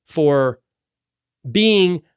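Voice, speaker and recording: A man's voice: on the high side, expressive, very slow, smooth, no room sound. Heated, rambling man with a dry close sound. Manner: heated, rambling, loses his train of thought. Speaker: vlogger. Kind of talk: unscripted political monologue.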